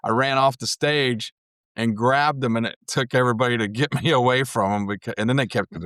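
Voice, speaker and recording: A man's voice: mid-range voice, fairly quick, smooth, no echo, studio quality. A man, a guest on a podcast, chatting casually and telling stories with plenty of swearing. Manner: profane, animated storyteller. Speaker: podcast guest, metal museum organizer. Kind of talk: casual chat.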